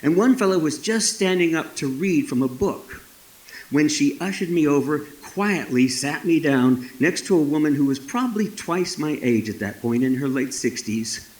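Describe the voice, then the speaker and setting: A man's voice: a little high, animated, moderate pace, darkish tone, reverberant, rough recording. A man in his sixties from Texas, telling a story live at a festival in a folksy, dramatic way with wry asides. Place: festival stage.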